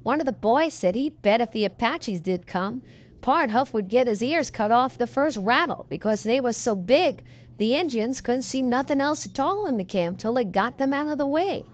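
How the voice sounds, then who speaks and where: A woman's voice: fairly high pitch, animated, normal speed, close to an everyday voice. A woman reading an audiobook, voicing a folksy male cowboy telling a tall tale in a drawling frontier dialect. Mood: yarn-spinning. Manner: drawling frontier dialect, leisurely yarn-spinning. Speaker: audiobook reader. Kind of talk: audiobook reading of a western yarn.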